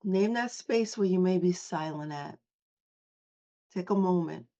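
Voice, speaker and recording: A woman's voice: on the low side, unhurried, dark tone, muffled recording. A woman hosting a motivational morning call, coaching listeners and having them repeat affirmations back to her. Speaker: host and voice coach.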